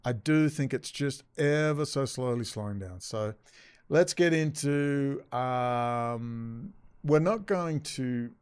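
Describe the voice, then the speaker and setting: A man's voice: medium pitch, takes it slowly, a little mellow, clean tone, no room sound. A man hosting a commentary channel, ranting sarcastically over news clips and swearing often. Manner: sarcastic, swearing, mock-frightened asides.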